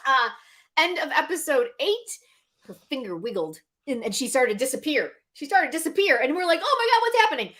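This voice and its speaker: A woman co-hosting a casual chat show, animated and laughing as she acts out scenes. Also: high voice, a little fast. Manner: animated, laughing, acting out scenes with quoted voices. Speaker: podcast co-host.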